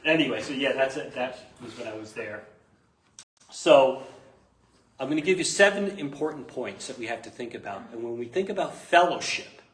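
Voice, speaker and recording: A man's voice: mid-range voice, lively intonation, normal speed, a bit bright. A man, a priest, teaching a parish class in a casual, chatty way, laughing often and telling stories. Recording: echoey room, live stream.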